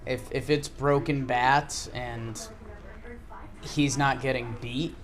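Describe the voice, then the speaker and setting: A man hosting a casual watch-along chat about a ballgame, animated and excitable. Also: mid-range voice, takes it slowly. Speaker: host. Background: game broadcast crowd.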